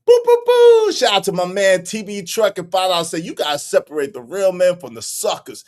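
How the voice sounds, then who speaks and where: A man's voice: high voice, a little fast. A man hosting a live stream, reading out donations and teasing his chat, laughing often and repeating phrases.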